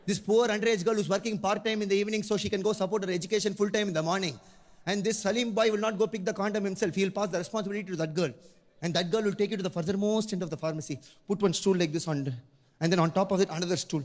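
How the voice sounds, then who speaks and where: A man doing animated stand-up storytelling on stage. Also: sits high, long reverb tail. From India. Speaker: stand-up comedian. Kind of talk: stand-up comedy.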